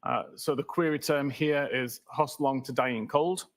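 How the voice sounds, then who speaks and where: A man on the witness stand walking a jury through technical details, methodical and halting with frequent fillers. His voice sits at a plain middle pitch. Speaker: expert witness. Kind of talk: courtroom testimony. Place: courtroom.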